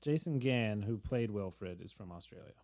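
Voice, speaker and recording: A man co-hosting a casual chat while watching a movie, relaxed and teasing. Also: fairly low pitch, normal speed.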